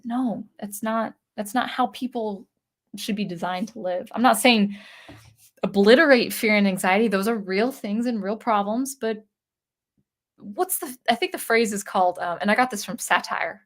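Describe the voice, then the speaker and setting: A woman's voice: medium pitch, moderate pace. Rambling, earnest woman host. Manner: rambling and earnest, repeats words often; indignant. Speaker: channel host. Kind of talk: casual livestream chat reading viewer comments.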